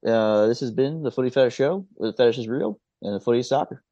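A man in his thirties co-hosts a podcast in loose, casual chat, his mid-range voice moving fast and warm. He's laid-back, stammering through restarts, swearing and laughing as he goes. The podcast audio is dull and lo-fi, with no room sound.

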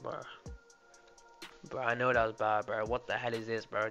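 A young man streaming live and reacting loudly, laughing and often saying "oh my days" and "bro". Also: mid-range voice, flat delivery, moderate pace. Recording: dull lo-fi sound with faint music. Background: faint background music.

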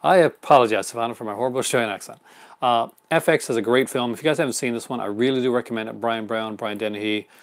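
Quick, rambling male host. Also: mid-range voice. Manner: rambling, quick, chuckling often. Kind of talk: casual live unboxing chat.

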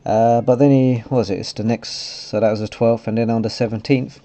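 A man's voice: medium pitch, fairly even intonation, a little fast, hardly any pauses, warm tone, highs cut off. A YouTube gamer, a man, rambling casually as he retells a story to camera.

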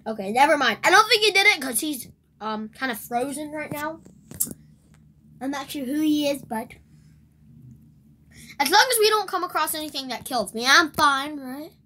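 Excitable high-voiced woman doing game commentary. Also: moderate pace, long pauses, a little hiss or hum. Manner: excitable, rambling, shrieks at surprises. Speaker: gaming video host. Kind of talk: let's play commentary.

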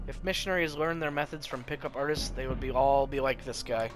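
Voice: medium pitch, fairly quick, hardly any pauses, soft background music. A let's play host commenting on a story game in a wry, musing way.

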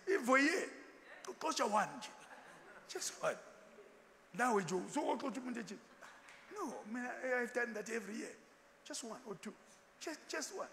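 A bishop preaches a sermon in a very high, gravelly voice that sounds pushed and bright. He uses call-and-response, asking the congregation rhetorical questions, and tells stories with humour, laughing often, all under long hall reverb with faint background noise.

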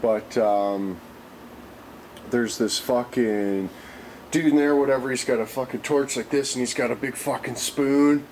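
A man's voice: mid-range voice, measured pace, darkish tone, slight background noise, low-quality recording. Rambling, foul-mouthed man. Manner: rambling, heavy swearing, many fillers. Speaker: vlogger. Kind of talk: casual storytelling vlog.

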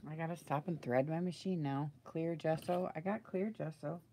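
A middle-aged woman with a notably low voice rambles casually as she crafts at her table at home. She thinks aloud and keeps asking her viewers what they would do. Faint noise sits behind her. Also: moderate pace, dark tone. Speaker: craft video maker. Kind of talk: chatty live crafting video.

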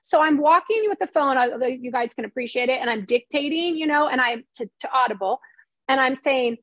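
A woman's voice: high voice, brisk, a bit bright, dry recording, poor audio. A woman screenwriter and novelist, talking in a casual interview and telling stories animatedly, with many restarts.

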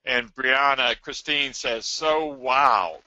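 A man's voice: mid-range voice, slow pace, bright, forceful tone, dry recording. A man hosting a live webinar, reading viewer comments aloud and affirming with frequent amens. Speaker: webinar host. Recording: dull, dry lo-fi web audio.

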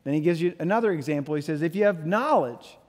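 High-voiced animated male pastor in a reverberant hall. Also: fast. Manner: animated preaching with playful asides and voiced quotes. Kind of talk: sermon.

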